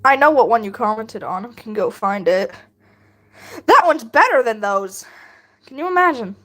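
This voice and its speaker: A woman with a high voice streams while she works on a drawing and chats with her viewers. She talks casually and playfully, teases, and laughs a lot. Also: lively intonation, normal speed, pushed and bright. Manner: playful, teasing, laughs often, answers chat.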